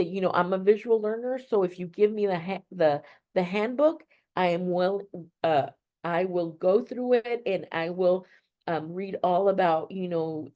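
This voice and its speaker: A woman's voice: lowish voice, a little mellow. A woman instructor giving a conversational lesson, acting out sample interview answers, with many fillers and restarts. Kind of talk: instructional talk.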